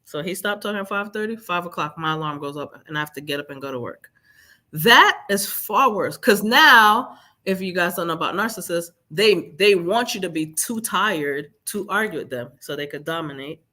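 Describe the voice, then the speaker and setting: A woman guest telling her own story in a live interview, animated and acting out what others said. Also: on the low side, normal speed.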